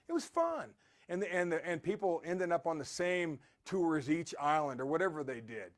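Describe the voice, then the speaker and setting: Male host, motivational talk; high voice, very lively intonation, rambling anecdotes. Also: a little fast. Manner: animated, rambling storyteller.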